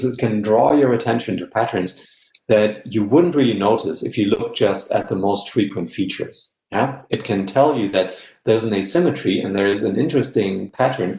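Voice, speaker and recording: A man giving an academic guest lecture in a measured way, often checking in with "yeah?". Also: lowish voice, gravelly, darkish tone, roomy sound, poor audio. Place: live-streamed online talk.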